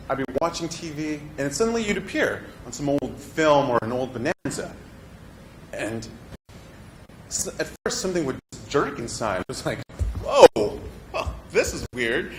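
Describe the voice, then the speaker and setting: Man as frustrated young actor, animated delivery, roomy echo. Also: a little high. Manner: confiding, swings from earnest to exasperated. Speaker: stage actor performing a monologue. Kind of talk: theatrical monologue. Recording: echoey room with background noise.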